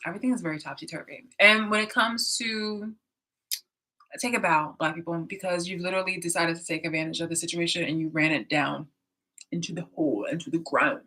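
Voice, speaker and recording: A woman's voice: fairly low pitch, a little fast, bright, forceful tone. A woman vlogger in a casual, profane, exasperated reaction rant, laughing often, filmed indoors. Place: indoor room.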